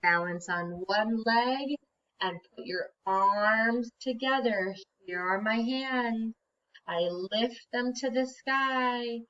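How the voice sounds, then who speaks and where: A woman teacher reading a picture book aloud to children and guiding them through yoga poses, gentle and encouraging. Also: on the high side, dull audio, slight background noise. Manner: slow, gentle and encouraging, prompting children to join in.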